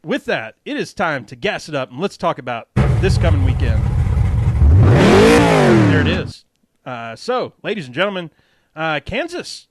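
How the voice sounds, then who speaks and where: A man's voice: on the high side, big pitch swings, normal speed. A man hosting a casual podcast, telling loose stories and laughing often. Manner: chatty storyteller who laughs often. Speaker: podcast host. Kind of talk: casual chat.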